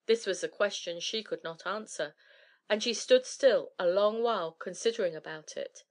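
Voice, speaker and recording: A woman narrating an old fairy tale in a steady, measured reading voice. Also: mid-range voice. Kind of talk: storybook reading.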